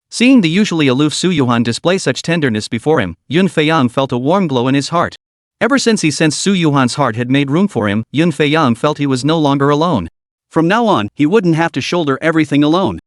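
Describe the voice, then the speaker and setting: A man narrating a story recap in a steady, even scripted delivery. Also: fairly high pitch, a little fast, dry recording, studio quality.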